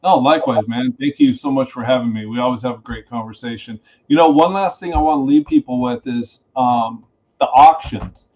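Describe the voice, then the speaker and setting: A man who is a guest on a casual podcast, a reptile breeder speaking in a blunt, animated way. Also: mid-range voice, fairly quick. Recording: slightly dull lo-fi sound.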